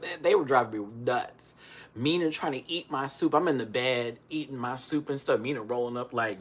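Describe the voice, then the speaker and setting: A man ranting casually on camera, swinging between loud outbursts and hushed muttering, still recovering from an illness. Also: medium pitch, moderate pace, slight background noise. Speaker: vlogger.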